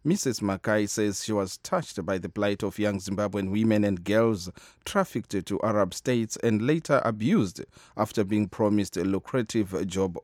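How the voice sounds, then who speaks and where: A man reading the radio news and introducing an interview, formal and measured. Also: fairly low pitch, darkish tone, dry recording, clean studio sound. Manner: measured, formal, occasional "uh" before a segment.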